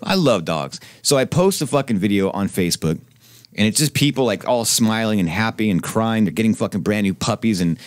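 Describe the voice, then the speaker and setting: Brief: forties male radio host, lively swings in pitch, fired-up profane anecdotes. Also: fairly quick, no room sound, clean studio sound. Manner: heated, swearing storyteller. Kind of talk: casual profane chat.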